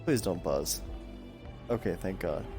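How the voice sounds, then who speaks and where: A man's voice: low-pitched, lively intonation, unhurried, over music. A man giving casual let's play commentary on a horror game, joking, swearing and reacting jumpily.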